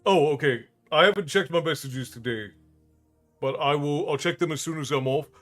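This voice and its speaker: A man's voice: on the high side, moderate pace, a bit bright, soft background music. Man from Ireland hosting a livestream. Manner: friendly, rambling, greets viewers by name. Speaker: livestream host and storyteller. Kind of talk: casual chat with stream viewers.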